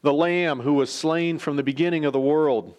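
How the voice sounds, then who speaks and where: A man voicing a calm divine defense attorney. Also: fairly high pitch, moderate pace, natural voice. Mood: solemn. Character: calm male defense attorney, Jesus, steadfast.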